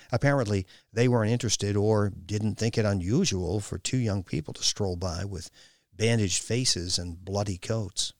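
Low-voiced male audiobook narrator. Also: no echo, clean studio sound. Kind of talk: scripted narration.

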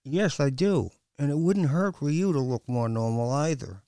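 A man's voice: a little high, moderate pace, dark tone, no echo, voice pushed up, natural voice. A man voicing a weary, wry young woman with a dry manner. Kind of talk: audiobook dialogue.

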